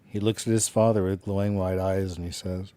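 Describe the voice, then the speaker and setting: Low, mellow-voiced man joking between clips. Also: fairly even intonation, fairly quick, no room sound. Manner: wry, joking asides. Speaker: host. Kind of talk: reaction commentary.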